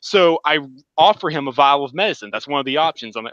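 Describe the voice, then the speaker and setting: A fast-talking man with a fairly high-pitched voice co-hosts a casual gaming podcast, eagerly telling stories and acting out quotes in animated fashion. The sound is dry and lo-fi.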